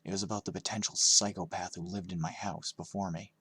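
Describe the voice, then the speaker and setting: A man narrating a scripted horror story in a measured, subdued storytelling manner. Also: low-pitched, steady tone, pushed and bright, husky, no echo.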